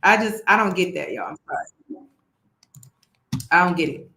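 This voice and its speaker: A woman's voice: lowish voice, normal speed, gravelly, sharp tone. Emphatic woman vlogger in an echoey room. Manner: emphatic, exasperated, repeats points, slangy. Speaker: vlog host. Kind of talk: casual commentary.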